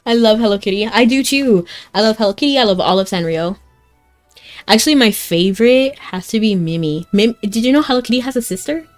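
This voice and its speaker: A woman's voice: fairly high pitch, expressive, fairly quick. A young woman streaming a game, chatting casually and rambling to her chat with frequent giggles. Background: faint game music.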